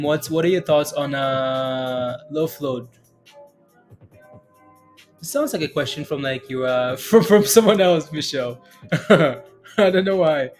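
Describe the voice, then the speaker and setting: Chuckling, rambling livestream host. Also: male voice, fairly high pitch. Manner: rambling, joking, frequent chuckles and fillers. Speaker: day-trading livestream host. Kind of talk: casual livestream commentary, answering chat.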